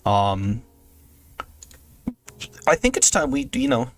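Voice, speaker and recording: A man's voice: mid-range voice, very animated, slow. A young man chatting casually on a game stream, rambling and joking with frequent laughter. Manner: rambling, jokey, laughs often. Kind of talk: casual gameplay stream chat.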